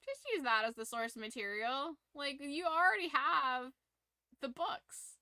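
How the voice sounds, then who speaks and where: A woman streaming from her room at home, chatting casually with viewers in a rambling, excitable way and laughing often. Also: sits high, a little slow. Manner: animated, rambling fan enthusiasm with frequent laughs.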